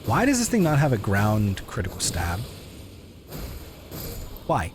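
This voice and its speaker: Young male streamer, low-ish voice with lively swings, casual joking gameplay chatter. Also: measured pace, background noise. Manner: chatty, self-mocking asides to chat. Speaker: game streamer. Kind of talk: live gameplay commentary.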